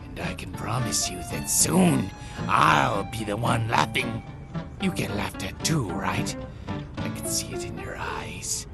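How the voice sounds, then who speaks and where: A woman's voice: very deep voice, expressive, unhurried, gravelly, music in the background, full character voice. A woman voicing a resentful, secretive game character who coaxes the listener into revenge in a menacing whisper.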